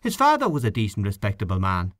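A man's voice: lowish voice, wildly swooping pitch, quick pace, no echo, studio quality. A man doing a scornful, gossiping canvasser. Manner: scornful, complaining. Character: grumbling gossipy male election canvasser.

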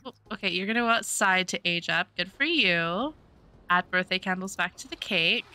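A woman's clear, resonant voice, mid-range with a sharp tone, comes through a desktop USB microphone as she streams a life-sim game. She keeps the chatter casual and gushes gratitude toward her viewers.

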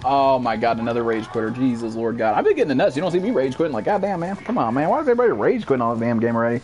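Profane excitable young American man streaming. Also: medium pitch, very fast, few pauses, a little hiss or hum. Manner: profane, excitable, reads chat aloud. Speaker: game streamer. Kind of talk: live gameplay commentary.

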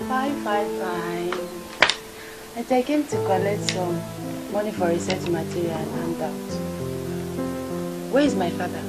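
A woman's voice: on the low side, unhurried, pauses often, natural voice, poor audio. A young woman with a Nigerian accent playing a student daughter who pleads and protests. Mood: pleading. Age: young adult. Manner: pleading, indignant. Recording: very loud film music behind.

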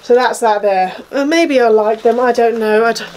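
A woman's voice: on the high side, moderate pace, darkish tone, slight background noise. A woman in her thirties with an Essex accent, chatting casually and complaining through a clothing haul. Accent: Essex English. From England. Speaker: vlogger.

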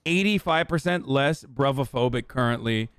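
A man's voice: mid-range voice, normal speed, fairly bright tone, clean tone, no room sound. A man hosting a stream, reacting to a video in casual chat, joking bluntly and crudely. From United States.

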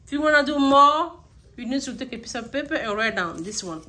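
A woman's voice: high-pitched, lively intonation, brisk, pushed and bright, a little hiss or hum. A young mother at home giving her child a patient, coaxing lesson and repeating praise.

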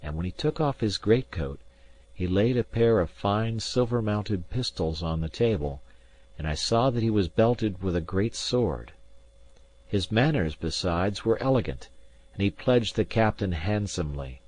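Deep-voiced male audiobook narrator. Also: expressive, unhurried, darkish tone. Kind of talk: scripted narration.

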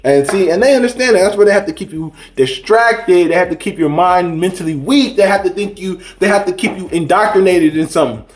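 High-voiced man preaching casually in an echoey room. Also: a little fast, few pauses. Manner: rambling, preachy, with restarts and slang. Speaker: spiritual vlogger. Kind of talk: casual monologue to camera.

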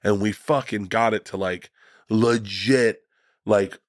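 Middle-aged male comedian guest, low voice, dry close sound, profane rambling storyteller. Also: fairly even intonation, takes it slowly, no echo. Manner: profane, rambling anecdotes with restarts. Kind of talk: casual storytelling conversation.

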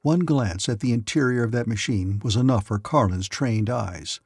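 A man's voice: mid-range voice, normal speed, darkish tone, slightly rough, dry recording, clean studio sound. A man narrating a science fiction audiobook with dramatic storytelling. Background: faint music.

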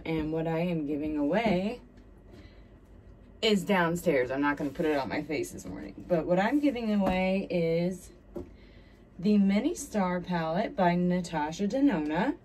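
A woman's voice: low voice, darkish tone, a little hiss or hum. A woman in her thirties from South Carolina with a thick Southern accent, chatting in a rambling, friendly way to her viewers while doing her makeup, recorded on a smartphone. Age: 30s. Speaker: beauty vlogger. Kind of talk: casual get-ready-with-me chat.

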